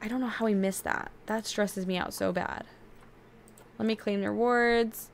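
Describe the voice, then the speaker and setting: A young adult woman giving casual, chatty gameplay commentary, excitable and quick to get frustrated. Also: mid-range voice, gravelly, slight background noise. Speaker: video game streamer.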